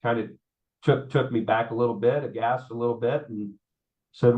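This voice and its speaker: A man, telling his life story in an interview, halting with many fillers and repeats. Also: medium pitch, fairly even intonation. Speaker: guest. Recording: slightly dull audio.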